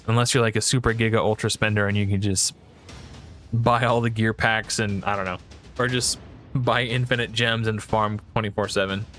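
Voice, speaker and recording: A man's voice: on the low side, fairly bright tone. A man giving casual thinking-aloud commentary as a gaming video creator, rambling and hesitant with frequent restarts and fillers.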